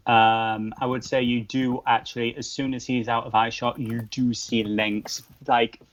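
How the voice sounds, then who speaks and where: A man narrates a tabletop game as its game master, unhurried and relaxed. He often pauses on "um" as he goes. His voice has a middling pitch, and the stream audio is slightly muffled. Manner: relaxed, hesitant, lots of "um", laughs easily.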